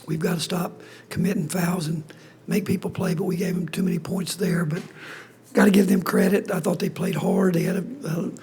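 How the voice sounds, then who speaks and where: A man speaking as a basketball head coach at a postgame press conference, hoarse with his voice nearly gone, in a breathy half-whisper that keeps stopping and restarting sentences. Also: high-pitched, level tone, darkish tone, slight background noise. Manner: halting, restarts sentences often.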